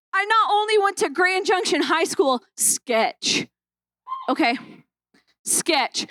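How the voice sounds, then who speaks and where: Bubbly high-voiced young woman pastor. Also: sharp tone, no echo. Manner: playful, self-mocking storytelling. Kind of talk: humorous sermon opening. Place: church stage.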